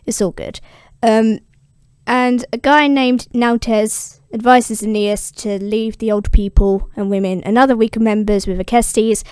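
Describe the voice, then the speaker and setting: A woman's voice: fairly high pitch, steady tone, unhurried, darkish tone, smooth, dry recording, clean studio sound. Irreverent young woman explaining classics. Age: young adult. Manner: irreverent, slangy, swearing. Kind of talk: casual video explainer.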